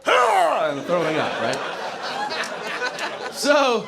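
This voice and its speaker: A male stand-up comedian telling a story on stage, animated and profane, jumping high in pitch for quoted voices.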